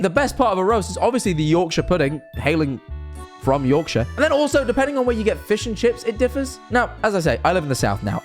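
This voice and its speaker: A young man, rambling cheekily and animatedly to camera in a casual monologue. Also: high voice. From northern England. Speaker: streamer and vlogger.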